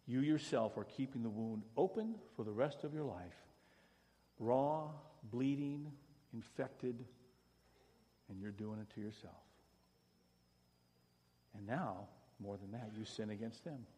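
A pastor giving a sermon, shifting from hushed, pleading passages to loud, emphatic preaching. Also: male voice, medium pitch, normal speed, husky, in a large hall.

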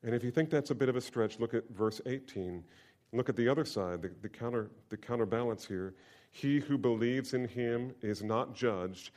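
A man preaching a sermon to his congregation, swinging between loud emphatic bursts and hushed near-whispers and leading them in call-and-response. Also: mid-range voice, moderate pace. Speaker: pastor. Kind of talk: expository sermon.

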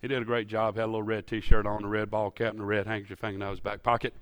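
A man preaching a sermon in a church, folksy and storytelling, rising to loud emphatic peaks. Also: lowish voice, flat delivery, very fast, clear, resonant tone, no room sound. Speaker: pastor. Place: church sanctuary.

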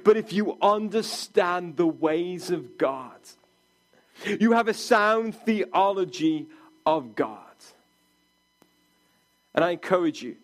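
A man with a notably high voice preaches slowly and deliberately. He delivers an earnest sermon and sometimes sinks to a hushed tone for quoted words. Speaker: pastor.

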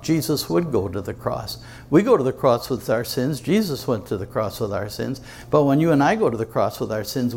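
Gravelly-voiced pastor preaching to his church, earnest, lots of pauses, bit of hiss. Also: mid-range voice, darkish tone. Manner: earnest, emphatic, with dramatic pauses. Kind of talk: sermon. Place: church before a congregation.

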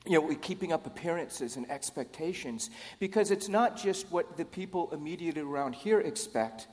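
Middle-aged guy preaching, kinda high voice, chatty and stumbles on starts, big church reverb. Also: lively intonation, normal speed, darkish tone. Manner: conversational, repeats words when starting phrases. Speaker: pastor. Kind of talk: sermon.

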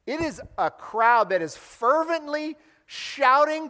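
Male pastor, high-pitched, animated preaching, echoing church hall. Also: slow pace. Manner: animated, acts out quoted lines. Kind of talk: sermon.

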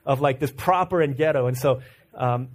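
A man's voice: mid-range voice, moderate pace. A man from Virginia preaching a sermon in a conversational, storytelling way, full of restarts and asides to the room.

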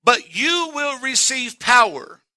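A male pastor, preaching a sermon in church and quoting scripture with slow, emphatic stresses. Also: very high voice, sing-song, sharp tone.

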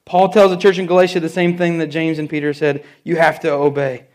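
Middle-aged guy preaching, kinda high voice, slows down to hammer his points home. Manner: animated storytelling with slow emphatic repeats. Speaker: pastor. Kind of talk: sermon.

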